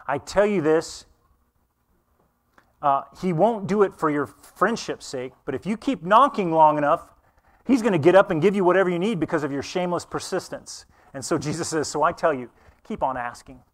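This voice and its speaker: Animated man preaching a sermon. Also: a little high. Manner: animated, acts out voices in his stories. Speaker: pastor.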